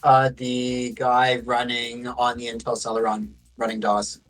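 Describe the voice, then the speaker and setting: A man's voice: medium pitch, monotone, measured pace, fairly bright tone, soft background music, poor audio. A man guest-hosting a stream, laid-back, giving short agreeing replies with dry sarcasm. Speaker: guest co-host. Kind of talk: casual stream chat.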